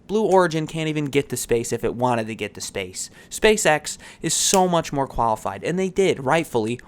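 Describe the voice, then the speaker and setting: A man hosting a podcast, ranting with heated sarcasm and swearing. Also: medium pitch. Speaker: podcast host. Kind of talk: ranting commentary.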